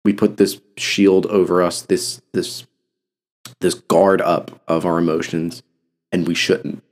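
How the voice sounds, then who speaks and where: Low-pitched and darkish, this young man's voice stays level and moves slowly as he hosts a solo podcast. His casual talk is blunt and passionate, with heavy cursing.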